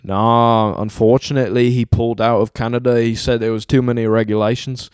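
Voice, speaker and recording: Guy doing a friendly british shop clerk, fake accent slipping into aussie, bit brighter and louder than his normal voice. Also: mid-range voice, little pitch movement, a little fast, smooth, no room sound, studio quality, natural voice. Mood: apologetic. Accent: British, done badly and drifting Australian. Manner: friendly, chirpy shop talk. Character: polite male British dispensary clerk.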